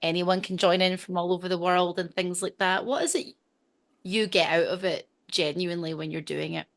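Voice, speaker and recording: A woman's voice: on the low side, fairly even intonation, moderate pace. Enthusiastic woman podcast host. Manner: warm, enthusiastic reactions. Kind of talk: casual interview.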